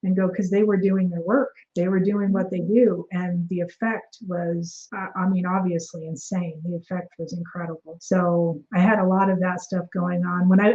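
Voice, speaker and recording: A woman tells her story in a relaxed interview, slipping into the voices of the people in it. Her voice is mellow and warm in tone. The audio is somewhat dull and lo-fi. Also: mid-range voice. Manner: animated storyteller acting out dialogue. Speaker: guest, energy healer.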